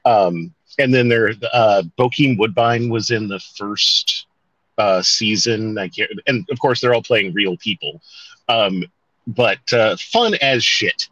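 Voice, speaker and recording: A man's voice: on the low side, slow, a bit bright, no echo. A man co-hosting a podcast in casual chat, rambling and correcting himself as he goes, with some mild swearing. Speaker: podcast co-host. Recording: dull, dry home-mic sound.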